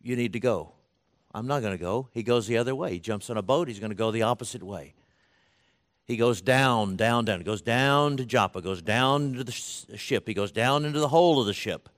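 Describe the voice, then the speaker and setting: A man delivering a sermon at a middle pitch. He speaks in a loose, conversational way, restarts phrases often, and slips into the voices of the people he quotes. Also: a little fast, fairly bright tone. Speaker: preacher.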